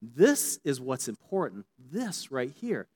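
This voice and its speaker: A pastor preaching a sermon in a conversational, animated way, often checking in with his listeners. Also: medium pitch, slow pace, breathy edge.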